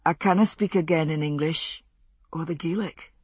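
Woman doing a soft-spoken young Scots lad. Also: sits low, normal speed, breathy edge, no echo. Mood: quiet resolve. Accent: Scottish. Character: young Scottish man, earnest and resolute.

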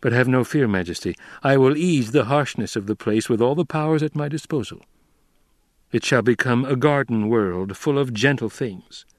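A man voicing a resolute young ruler who speaks firmly and deliberately. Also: medium pitch, no echo, clean studio sound, close to an everyday voice. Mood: commanding. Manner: firm, deliberate. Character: commanding young male ruler, cold and resolute.

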